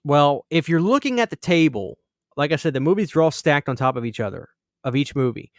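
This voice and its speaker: A man's voice: fairly high pitch, expressive, brisk, no room sound, studio quality. A young man hosting a horror channel, telling a rambling story in casual chat and acting out the voices of people he quotes. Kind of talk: casual storytelling to a live stream audience.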